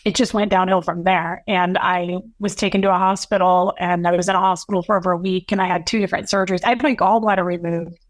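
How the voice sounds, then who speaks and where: A woman guest in an interview, recounting a painful personal story in a halting, emotional, long-winded way. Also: on the low side, fairly even intonation, no echo.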